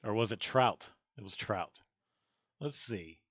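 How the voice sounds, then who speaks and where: A man's voice: lowish voice, animated, takes it slowly, fairly bright tone, no room sound, dull audio. A man streaming from a basement, joking with his chat and trying out goofy British voices. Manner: jokey, tries out silly British voices. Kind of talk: casual live-stream chat with chat readings. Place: basement room. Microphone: headphones on, desk mic.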